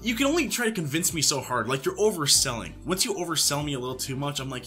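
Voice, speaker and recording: A man's voice: fairly high pitch, lively intonation, rapid-fire, few pauses, pushed and bright, faint music behind. A man giving mocking, sarcastic commentary as he reacts to posts. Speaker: YouTube commentator.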